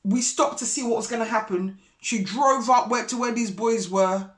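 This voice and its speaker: A woman vlogger and broker, telling a story in an indignant, animated way. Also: on the high side, normal speed. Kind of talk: casual storytelling vlog.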